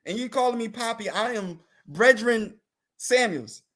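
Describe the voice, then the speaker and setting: Very high-pitched, bright and forceful, this man's animated voice moves a little slowly. As a talk show guest fielding live comments, he keeps the casual comedic chat playful and teasing, laughing often and drawing out words to stress them.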